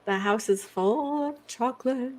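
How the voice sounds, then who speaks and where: A woman's voice: a little high, a little slow, a little mellow. A woman author and medium, a guest in a casual interview chat, talking in an easygoing, rambling way.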